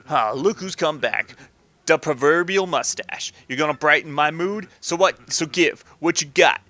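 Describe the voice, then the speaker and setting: A man voicing a gruff, hot-tempered mob boss who talks like a tough-guy gangster. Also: fairly high pitch, unhurried, sharp tone, dry recording. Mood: menacing. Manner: tough-guy mobster talk.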